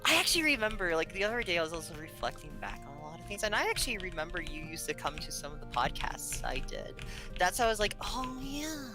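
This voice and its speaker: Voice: mid-range voice, sing-song, fast, music in the background. A guest chatting casually and enthusiastically, rambling with many fillers. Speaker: guest, former game play tester. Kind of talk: casual chat.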